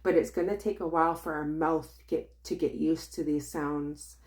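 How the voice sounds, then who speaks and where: A woman with a thick Kwak̓wala-influenced English accent, teaching in a casual vlog, unhurried and loose with plenty of fillers. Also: low voice, fairly even intonation, darkish tone. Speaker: language teacher.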